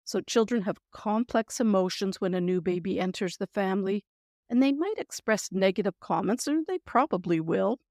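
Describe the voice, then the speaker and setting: A woman hosting a parenting podcast, giving gentle, reassuring advice and sample phrasings in a scripted talk. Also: medium pitch, expressive, normal speed, no room sound, studio quality.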